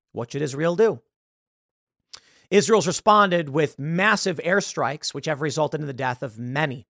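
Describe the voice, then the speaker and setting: A man's voice: fairly high pitch, creaky, a bit bright, no room sound, studio quality. A man hosting a political commentary show, talking emphatically to viewers and posing rhetorical questions.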